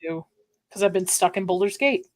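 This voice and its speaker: A woman chatting as a guest on a livestream, playful and quick to giggle. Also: mid-range voice. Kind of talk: casual chat.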